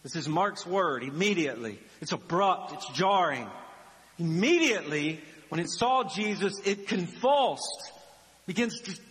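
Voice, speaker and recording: A man's voice: sits high, animated, a little slow, a bit bright. A man preaching a sermon as a pastor, dramatic and acting out the voices in the story he tells. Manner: dramatic, acts out the biblical voices. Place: church sanctuary. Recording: long reverb of a church hall.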